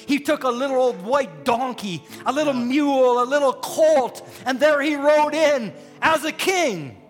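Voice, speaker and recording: A male preacher delivering a sermon, shouting in a rising, fervent preaching cadence. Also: extremely high pitch, lively intonation, measured pace. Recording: hall reverb with faint music.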